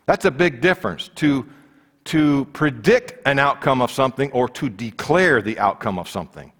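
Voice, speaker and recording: A man's voice: mid-range voice, a bit bright, long reverb tail. A man preaching a conversational sermon, acting out the voices of the people in the story.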